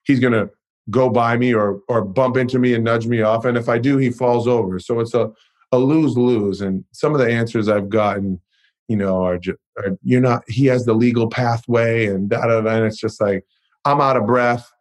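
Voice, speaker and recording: With a mid-range, steady voice at normal speed, a young pro basketball player chats casually as a podcast guest. He talks loosely, swears, and fills his sentences with "like" and "you know."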